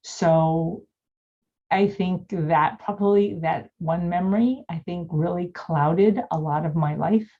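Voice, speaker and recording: An older woman reflectively telling a personal childhood story over a video call, pausing with many fillers. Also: lowish voice, narrow, tinny audio. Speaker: workshop participant.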